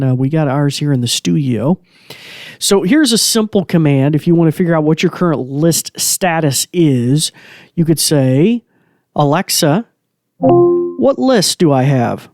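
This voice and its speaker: Casual male podcast host, rather high voice, dry studio sound, chatty with fillers. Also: lively intonation, moderate pace, darkish tone, no echo. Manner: chatty, loose, many fillers. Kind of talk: casual tech tutorial. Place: small home studio.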